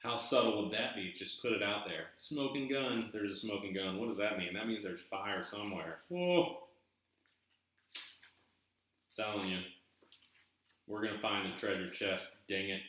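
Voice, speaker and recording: A man's voice: fairly low pitch, steady tone, moderate pace, bright, forceful tone. A man hosting a treasure hunt video, musing in a chatty, folksy way with a put-on Southern American accent. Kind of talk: casual vlog commentary reading from a book. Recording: very echoey room.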